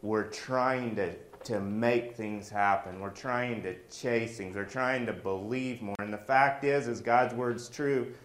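A man's voice: fairly low pitch, steady tone, slow, hardly any pauses. Folksy man preaching in an echoey room. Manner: folksy, joking, storytelling. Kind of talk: sermon with personal stories.

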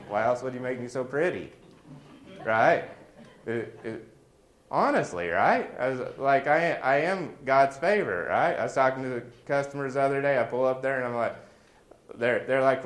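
A man's voice: mid-range voice, echoey room. A man preaching a sermon in a folksy, joking way, weaving personal stories into his message.

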